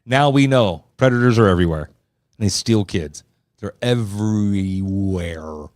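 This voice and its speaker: A man's voice: lowish voice, measured pace, darkish tone, no room sound. A man around fifty hosting a podcast, talking loosely and rambling with lots of fillers and restarts. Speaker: podcast host. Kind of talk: casual podcast chat.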